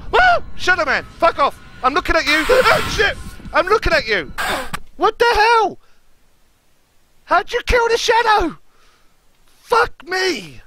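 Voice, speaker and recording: A man's voice: very high voice, sharp tone, slight background noise. A young man streaming a horror game live, swearing constantly and yelping at every scare. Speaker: gaming streamer.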